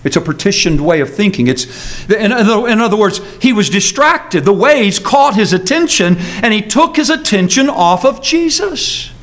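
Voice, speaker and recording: A man preaching a sermon as a pastor, earnest, moving between quick asides and slow, emphatic phrases. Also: high-pitched, sing-song, fairly bright tone. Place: church sanctuary.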